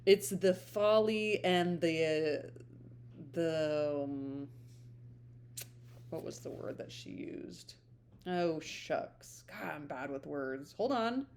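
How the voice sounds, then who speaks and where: Lowish-voiced woman musing aloud. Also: slight background noise. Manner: thinking aloud, searching for words. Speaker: book reader and vlogger. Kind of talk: casual reflective chat.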